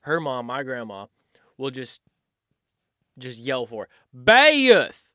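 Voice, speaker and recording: A young man from Texas hosts a laid-back podcast, talking in a playful, joking way. His voice sits at an ordinary pitch and sounds close and dry, with no room around it. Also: a little slow, fairly bright tone, no echo. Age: young adult. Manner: joking, playful, slips into mock Southern drawl. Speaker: podcast host. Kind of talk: casual chat.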